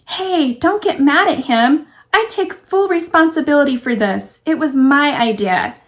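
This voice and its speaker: A woman's voice: high-pitched, animated, unhurried. A woman reading aloud, voicing a teenage boy who speaks earnestly and defensively.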